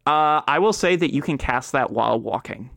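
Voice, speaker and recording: A man narrating a tabletop game as game master, in slow, theatrical narration. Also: mid-range voice, lively intonation, gravelly, fairly bright tone, no room sound, clean studio sound.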